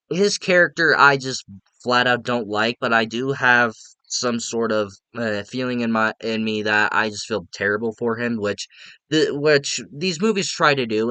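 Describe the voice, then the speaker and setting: Man, casual film review, bright forceful voice, smooth and clear, rambling, dry close sound. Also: medium pitch, no echo. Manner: rambling, frank, often restarts and corrects himself. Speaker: movie reviewer.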